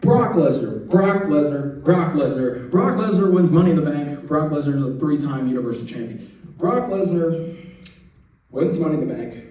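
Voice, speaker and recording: A man's voice: on the high side, lively intonation, moderate pace, dark tone, lo-fi sound. A young man hosting a wrestling show, ranting in playful mock outrage and then apologizing. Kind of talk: animated solo wrestling commentary. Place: event center room. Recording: very echoey room, mic far off.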